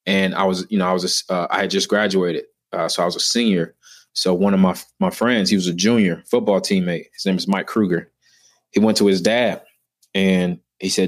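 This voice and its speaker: Earnest man telling his story, low voice. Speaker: podcast guest. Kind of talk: podcast conversation.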